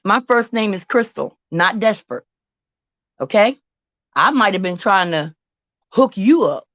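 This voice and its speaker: A woman hosting a casual live-stream chat, sassy and drawn-out, talking back to her chat. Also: medium pitch, lively intonation, fairly bright tone, dry recording, lo-fi sound. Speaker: host.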